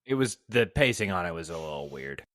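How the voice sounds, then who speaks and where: A man's voice: deep voice, big pitch swings, brisk, fairly bright tone, no echo. A man co-hosting a podcast, dropping dry, wry remarks in casual chat. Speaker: podcast co-host.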